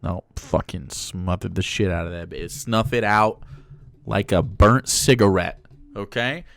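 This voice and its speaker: A man's voice: on the low side, measured pace, gravelly, dry recording, studio quality. A man streaming live who mocks a clip in casual, profane commentary. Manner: mocking, profane, swings between jokes and asides.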